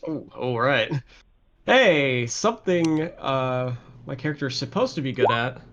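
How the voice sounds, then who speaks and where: A man's voice: mid-range voice, moderate pace, fairly bright tone. A man playing in a tabletop game, talking casually and hesitantly, searching for words. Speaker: player. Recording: dull lo-fi sound, far from the mic.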